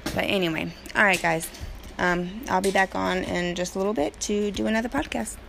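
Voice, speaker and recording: A woman's voice: medium pitch, brisk, vocal fry, a bit bright, soft background music. A woman hosting a podcast, chatting casually and laughing as she tells a funny story about her family. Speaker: podcast host.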